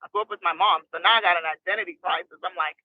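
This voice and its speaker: A woman's voice: fairly low pitch, very fast, dry recording. Chatty woman guest on a tinny phone line. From New Jersey. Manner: chatty, laughs often between stories. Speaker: guest, recording artist. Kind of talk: casual storytelling interview.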